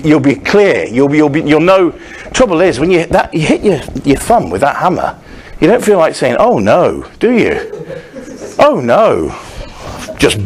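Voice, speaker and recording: A male pastor preaching with a very lively, swooping pitch. He talks in a loose, conversational way, restarting his sentences and dropping in humorous asides. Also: slight background noise. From Scotland. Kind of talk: sermon.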